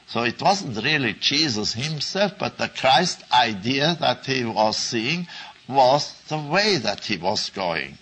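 Male religious teacher, very slow and deliberate delivery, mid-pitched voice, repeats key phrases. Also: big pitch swings, fairly bright tone, breathy edge, rough recording. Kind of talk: slow explanatory Bible talk.

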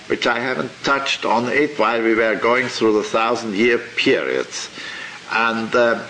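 A man teaching a religious class, lecturing in a deliberate, halting way and asking rhetorical questions. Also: medium pitch, sharp tone, a little hiss or hum, low-quality recording.

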